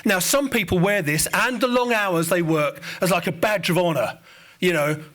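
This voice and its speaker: A man's voice: high voice, moderate pace, a bit bright. A man with an Estuary English accent giving an informal conference presentation on research, speaking directly to the audience.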